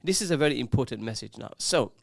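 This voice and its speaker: A man's voice: mid-range voice, lively intonation, quick pace, creaky, dry recording, clean studio sound. A man presenting a casual radio show, chatting, teasing his co-host and reading out listener messages. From England. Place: radio studio. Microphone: studio microphone.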